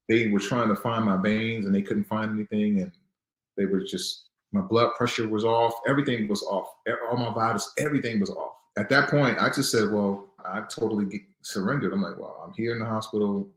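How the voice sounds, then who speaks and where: A guest in his thirties from Newark, New Jersey, speaks briskly in a fairly low voice with fairly even intonation. He tells his personal story earnestly, growing defiant when he recalls fighting back, and the room has a noticeable echo.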